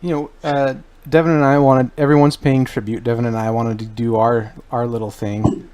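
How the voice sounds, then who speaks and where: A man's voice: mid-range voice, level tone, normal speed, a little mellow, clean tone. Teasing male podcast co-host. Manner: teasing, playful banter. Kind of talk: casual chat.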